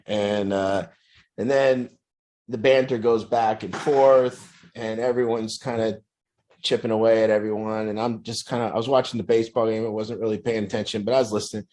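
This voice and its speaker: A man's voice: steady tone, normal speed, a little mellow. Rambling man telling a story. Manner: rambling, full of fillers and restarts; acts out quoted lines in a higher, pressing voice. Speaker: group speaker telling a story. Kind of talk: casual storytelling.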